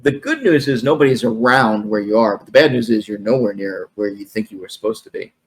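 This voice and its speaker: A man narrating a tabletop game as game master, often pausing on fillers. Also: lowish voice, breathy edge. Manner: hesitant, full of fillers.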